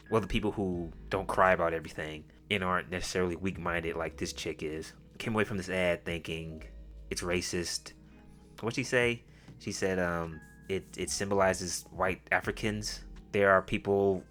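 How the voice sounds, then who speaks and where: A man's voice: low-pitched, a bit bright. A man hosting reaction commentary, blunt, crude and mocking. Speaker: commentary host. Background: faint background music.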